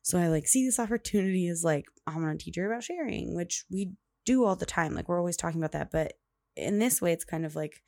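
A woman's voice: lowish voice, fast, vocal fry, a little mellow, dry recording, studio quality. A young woman hosting a casual storytelling podcast who rambles along and fills her sentences with "like". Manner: chatty, rambling, full of "like" fillers. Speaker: podcast host.

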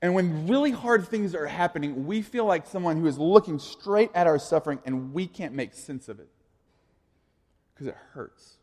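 A man's voice: on the high side, animated, a little fast, hardly any pauses, darkish tone. Casual preacher man in an echoey hall. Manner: casual, conversational, full of "like" and restarts. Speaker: youth pastor. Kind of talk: sermon.

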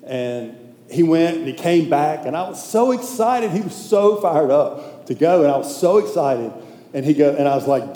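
A man's voice: fairly high pitch, expressive, moderate pace. Man preaching in an echoey hall. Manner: conversational, emphatic, drops to hushed intensity. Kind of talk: sermon. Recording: echoey hall with faint noise.

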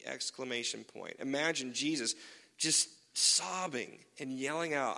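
A man's voice: mid-range voice, measured pace, vocal fry, bright, forceful tone, long reverb tail. A man preaching a sermon as pastor, casual and joking, with many fillers.

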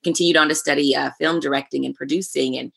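A woman from Oklahoma, a church arts pastor, telling her story as a guest in a relaxed way. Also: sits low, fast, creaky, husky. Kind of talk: casual interview.

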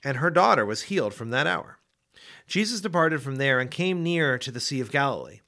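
A man reading scripture aloud in a measured, expressive way. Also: medium pitch. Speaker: Bible reader.

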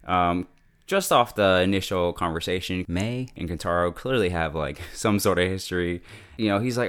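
Recapping a TV episode at a moderate pace, this man sounds low, expressive, clear and resonant, with some brightness. He keeps it chatty and casual, full of "like" and laughs.

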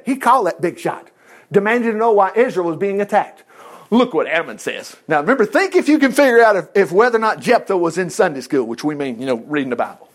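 A man teaching an informal Bible study. He talks bluntly and acts out the quotes in other voices. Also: high voice.

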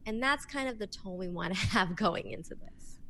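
A woman who works as a workplace coach, speaking in a podcast interview in an animated, expressive way and acting out examples. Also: mid-range voice, moderate pace, crowd noise.

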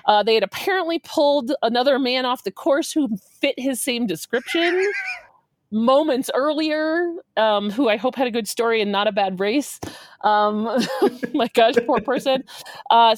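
Woman in her 40s, lively storyteller, mid-pitched voice, dry close recording. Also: normal speed, no room sound. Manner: lively, acts out quotes, laughs often. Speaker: guest telling a story. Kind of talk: animated storytelling.

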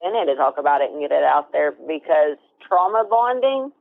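A woman's voice: low-pitched, lively intonation, fairly quick, vocal fry, no echo. A woman talking as an interview guest on a phone call, candid and chatty, laughing often. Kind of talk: casual phone conversation. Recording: tinny dry phone line.

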